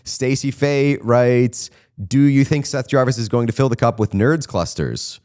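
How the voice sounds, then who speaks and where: A man's voice: medium pitch, measured pace, darkish tone, smooth. A man hosting a casual podcast, reading viewer comments aloud with wry jokes. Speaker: podcast host reading chat messages. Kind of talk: casual chat.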